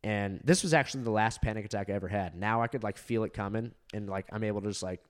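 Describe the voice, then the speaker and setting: On the podcast he co-hosts, a young comedian from Southern California rambles through a long story, swearing, laughing and using plenty of fillers. He has a lowish voice and talks quickly in a casual, chatty way.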